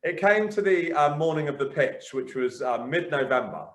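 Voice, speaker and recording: A man's voice: a little high, normal speed. Candid man telling his story, many ums. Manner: candid and self-deprecating, many ums, lively retelling. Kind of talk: storytelling talk to a business audience. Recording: echoey room.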